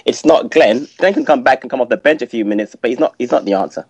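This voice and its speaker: A man on a football podcast panel, speaking in a measured way with frequent ums. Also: mid-range voice, slightly rough, no room sound. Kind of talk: casual chat. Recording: dull, dry, lo-fi sound.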